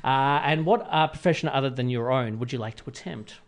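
A man hosting a casual radio interview in a studio, playful and quick with jokes. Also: medium pitch. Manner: playful, joking, quick asides. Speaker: radio host.

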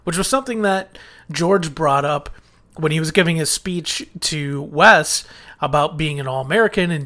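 A man's voice: fairly high pitch, a bit bright. A man casually recapping an old sitcom episode, retelling scenes and quoting lines in a chatty way with small restarts.

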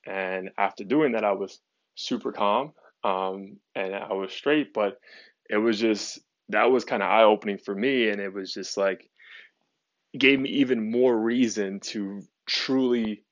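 A young man with a lowish voice tells a personal story as a podcast host, candid and peppered with swearing and "you know"s. The sound is dry and close, but a little dull and lo-fi. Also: a little slow, no echo. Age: young adult. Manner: candid, heavy swearing, lots of fillers.

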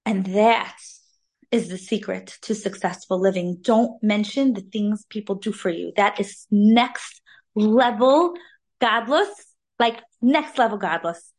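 A woman giving an informal, animated weekly Torah talk, sprinkling in Hebrew terms. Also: mid-range voice, slow pace. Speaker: Torah class speaker.

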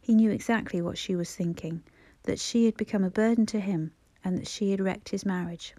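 Woman audiobook narrator, soft and hushed, warm dark tone. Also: medium pitch, fairly quick, no echo. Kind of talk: scripted narration.

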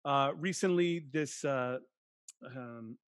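A man in his fifties, a podcast guest telling stories in an animated, profane way. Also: mid-range voice, slow, clean tone, no room sound, studio quality. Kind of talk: storytelling in a podcast interview.

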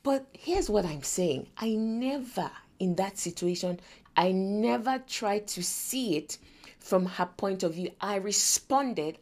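A woman in her forties with a Nigerian English accent hosts a faith-based parenting podcast. She tells stories in an animated way, acting out the lines of the people in them. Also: mid-range voice. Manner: animated storyteller who acts out quotes and laughs often. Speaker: podcast host.

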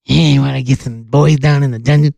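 A gravelly old wrestling trainer growls teasing threats, put on by a man. His voice drops deep and drags slowly, rough at the edges and recorded dry and close. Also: fairly even intonation, a little mellow, no room sound, lightly acted. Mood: menacing. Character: gruff old male wrestling trainer, menacing.

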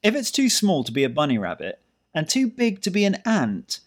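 Woman doing an excitable puzzled man. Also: lowish voice, moderate pace, voice pushed down.

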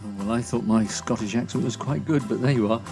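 A man's voice: medium pitch, quick pace, a little mellow, faint music behind. A man hosting a comedy sketch, reading out letters with many hesitant "um"s. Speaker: host.

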